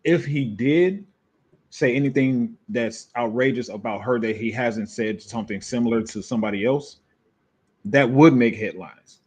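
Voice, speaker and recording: A man hosting a podcast, chatting casually and haltingly about a clip. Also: medium pitch, darkish tone, husky. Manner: halting, repeats himself. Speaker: podcast host. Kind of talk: casual chat reacting to a clip.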